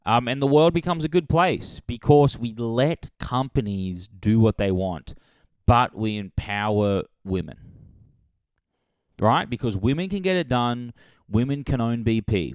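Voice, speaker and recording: A man hosting a comedy podcast, rambling through a sarcastic movie pitch in a deadpan way, with sudden loud jumps. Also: clear, resonant tone, no room sound, studio quality.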